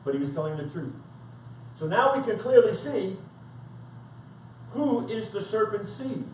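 High-voiced preacher in an echoey room. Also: male voice, very animated, a little slow, darkish tone, a little hiss or hum. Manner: dramatic scripture reading, emphatic. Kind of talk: sermon. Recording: echoey room from far off, faint background.

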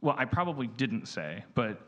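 A man in his forties hosting a live comedy podcast, telling a rambling story and cutting himself off often, with sudden loud bursts. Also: mid-range voice, sing-song, normal speed, a crowd in the background. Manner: rambling, self-interrupting, with sudden loud outbursts. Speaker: podcast host.

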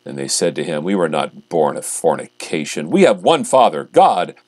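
A man, a pastor, reading scripture aloud and preaching in a measured, emphatic way, slowing down on key phrases. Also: deep voice, sing-song, darkish tone, no room sound.

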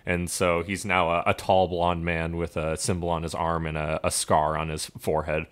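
A man narrating a tabletop game as game master, describing scenes with relaxed, halting fillers. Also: low voice, clean tone.

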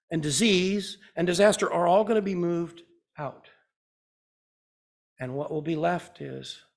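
A man preaching a sermon as pastor. He asks the congregation questions and swings from loud, urgent emphasis to a hushed softness. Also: a little high.

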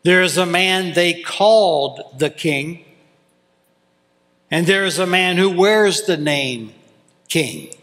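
A man preaching a sermon as pastor, dramatic, with long pauses for emphasis. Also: high voice, fairly bright tone. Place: church. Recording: long reverb of a church hall.

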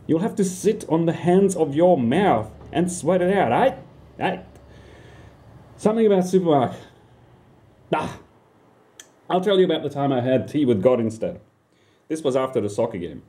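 A man's voice: on the high side, expressive, normal speed, pauses often, mellow. A man telling an absurd comic story about himself in the first person, rambling, swearing and talking back to his listeners.

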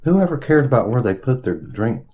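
Mellow-voiced joking man eating on camera. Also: mid-range voice, big pitch swings, normal speed, a little hiss or hum. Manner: joking, playful teasing. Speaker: family vlog host. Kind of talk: casual chat while eating on camera.

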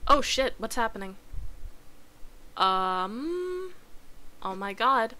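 Slow-talking, exasperated woman game streamer. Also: a little high, very animated, pushed and bright. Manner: exasperated, swears often, talks to the game. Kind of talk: live gameplay reaction commentary.

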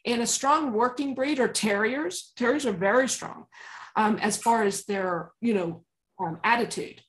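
A woman dog trainer speaking as an interview guest, calm and emphatic, often laughing and acting out commands she gives to dogs. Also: fairly high pitch, measured pace. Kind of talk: conversational interview.

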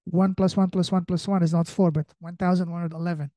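Halting motivational man, mellow dry voice. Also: high voice, little pitch movement, no echo. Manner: halting, searching for words, motivational. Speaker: podcast host. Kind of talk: podcast conversation.

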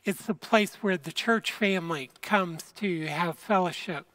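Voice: mid-range voice, measured pace, fairly bright tone. A pastor giving an earnest, conversational sermon from a church sanctuary and speaking directly to the people watching.

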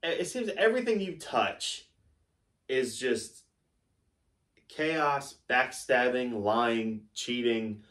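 A man's voice: mid-range voice, very animated, slow pace, fairly bright tone, far from the mic. A man hosting a mock sports interview, firing mock-serious, accusatory questions. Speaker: host, interviewer.

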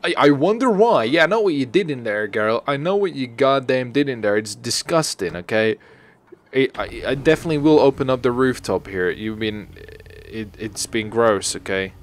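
A man's voice: medium pitch, expressive, normal speed. Joking, crude gaming commentator man. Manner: joking, crude, swears freely, talks to game characters. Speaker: gaming YouTuber. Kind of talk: comedic let's-play commentary.

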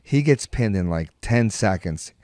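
A man's voice: on the low side, lively intonation, measured pace, darkish tone, no echo. A middle-aged man, a podcast guest, telling rambling, profane stories in casual chat and laughing as he goes.

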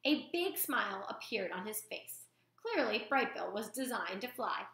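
Bright, lively woman reading a story aloud. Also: medium pitch, unhurried, vocal fry, reverberant. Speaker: storytime reader. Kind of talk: reading a children's novel aloud.

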